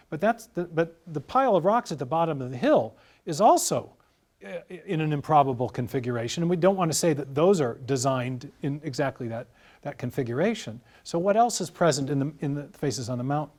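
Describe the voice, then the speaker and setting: A man's voice: fairly high pitch, animated, darkish tone. Lecturing man explaining with examples. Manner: measured, lecturing with examples and restarts. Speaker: guest scientist. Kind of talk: explanatory interview talk.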